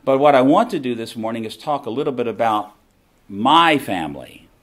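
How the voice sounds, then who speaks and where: A man's voice: mid-range voice, sing-song, moderate pace, fairly bright tone. A middle-aged man with a Southern American accent, giving an emphatic preaching talk and repeating his key phrases. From southern United States. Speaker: conference speaker.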